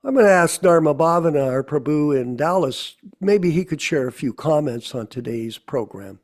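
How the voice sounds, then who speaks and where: A man hosting a live online religious program, talking in a relaxed, conversational way with fillers. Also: a little high, normal speed. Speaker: host.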